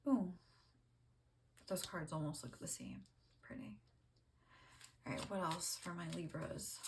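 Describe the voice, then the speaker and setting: A woman with a low voice gives a casual tarot reading. She rambles along in a loose, chatty way, full of fillers and small asides. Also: animated, unhurried, background noise. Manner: rambling, lots of "like", laughs often. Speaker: tarot reader.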